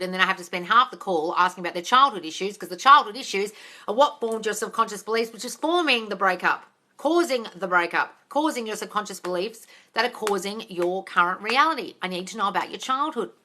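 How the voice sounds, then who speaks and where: A woman's voice: medium pitch, quick pace, bright, forceful tone. A woman manifesting coach answering viewer questions on a live stream, blunt and swearing, calling listeners darling.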